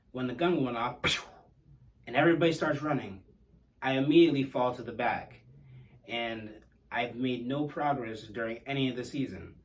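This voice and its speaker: Speaking at an ordinary middle pitch, a man relaxes into a personal story, poking fun at himself with wry, self-deprecating humor. He sounds a little distant from the microphone.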